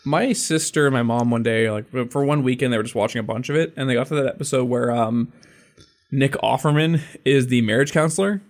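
A man's voice: medium pitch, fairly quick. A young man co-hosting a podcast, chatting casually, swearing often, laughing and acting out movie lines. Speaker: podcast co-host. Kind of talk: casual chat.

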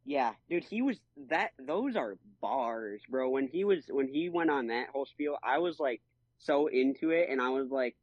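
Excited slangy man on a dull dry mic. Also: medium pitch, normal speed, no room sound. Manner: enthusiastic, slangy, acts out quotes. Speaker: podcast co-host. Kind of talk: casual podcast chat.

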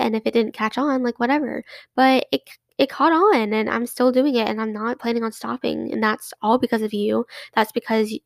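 A woman's voice: a little high, creaky, no echo. A young woman, hosting her solo podcast in an effusive, grateful, chatty way full of restarts. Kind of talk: casual monologue to listeners.

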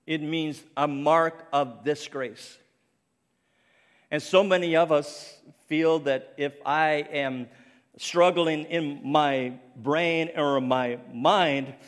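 Slow earnest preacher, faint French-like accent. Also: male voice, a little high. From Cape Breton Island, Canada. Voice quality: speech faintly like a French accent, left by a stroke. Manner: slow, earnest, personal, with restarts. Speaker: ministry speaker. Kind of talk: sermon. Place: church sanctuary. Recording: long reverb of a large church.

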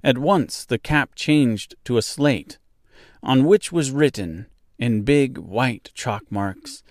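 A man hosting a podcast, reading a children's classic aloud in slow, deliberate storybook narration. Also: medium pitch, a little mellow, no room sound, studio quality.

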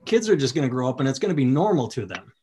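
A man in his thirties in casual podcast conversation, animated and acting out quoted voices. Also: mid-range voice, racing, husky. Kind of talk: casual chat.

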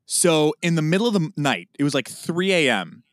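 A man co-hosting a podcast, chatting casually in a smooth, resonant voice set a little higher than most men's. He tells stories with animated flair and bursts into loud, acted-out exclamations. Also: a little fast, no room sound, clean studio sound. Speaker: podcast co-host. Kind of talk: casual chat.

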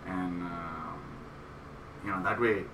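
A man's voice: deep voice, takes it slowly, creaky. Rambling storyteller man, roomy distant sound. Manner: rambling, animated storytelling with laughs. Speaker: comedian telling a story. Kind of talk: casual chat. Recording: roomy, distant mic with background noise.

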